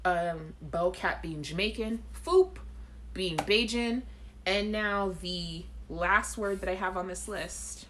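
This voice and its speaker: A woman's voice: lowish voice, slow, a little hiss or hum. A woman hosting a live chat show, talking casually to viewers, reading out their comments and laughing. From Caribbean.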